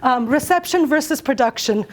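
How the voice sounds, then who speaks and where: A woman's voice: sits high, expressive, moderate pace. A middle-aged woman professor, a native Bengali speaker, presenting her research earnestly and thoughtfully, with frequent fillers and restarts.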